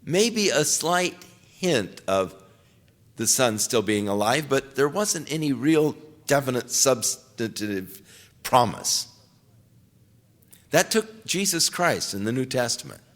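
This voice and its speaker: A man's voice: mid-range voice, animated, slow. An older man, a pastor, teaching through the Bible verse by verse and retelling scripture in casual everyday words. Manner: conversational, paraphrasing scripture in casual everyday speech.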